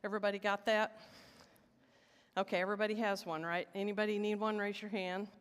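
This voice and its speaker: A woman teaching at a church service, leading the congregation in call and response and stating each "I am" line with slow emphasis. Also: mid-range voice, flat delivery, clean tone, in a large hall. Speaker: licensed Unity teacher giving the talk. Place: church sanctuary.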